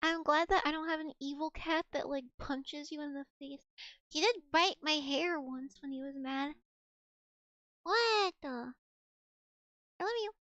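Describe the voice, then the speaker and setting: A woman's voice: high-pitched, unhurried, a bit bright, no room sound, highs cut off. A young adult woman streaming from home as a VTuber, chatting casually and cooing affectionately at her cat, rambling with restarts. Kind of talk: casual live-stream chat.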